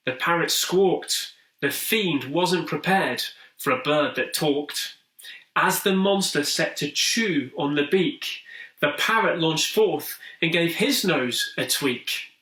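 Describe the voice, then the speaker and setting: A man's voice: a little high, animated, slow pace, sharp tone. A man reading a rhyming children's story in a sing-song, rhythmic way. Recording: roomy echo, distant mic.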